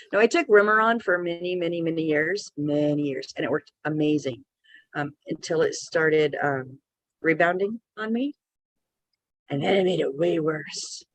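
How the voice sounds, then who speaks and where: A woman's voice: deep voice, a little slow, pauses often, no room sound. A woman in casual podcast chat, talking chattily, laughing easily and retelling conversations. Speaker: co-host.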